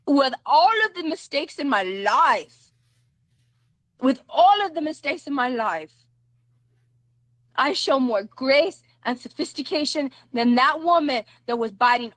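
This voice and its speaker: A woman's voice: sits high, a bit bright, no room sound. A woman hosting a live stream, talking back to a guest and her comments in a mocking, combative way, often repeating her lines. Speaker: livestream host. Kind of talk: heated livestream commentary.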